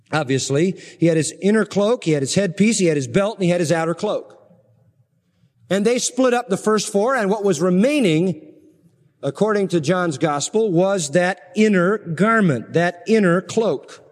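Emphatic preacher in a reverberant hall. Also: male voice, on the high side. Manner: emphatic, rising and falling for stress. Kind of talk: expository sermon.

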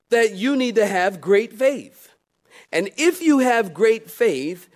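A man with a high, light voice preaches a sermon. He drops into hushed, confiding asides, then climbs back up into loud, emphatic calls, and keeps turning to the congregation for an answer. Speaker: pastor.

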